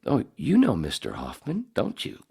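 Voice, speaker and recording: A man's voice: lowish voice, huge pitch swings, normal speed, creaky, a little mellow, slightly rough. A middle-aged man hosting a podcast in casual chat, rambling and swearing, often laughing. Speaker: podcast host.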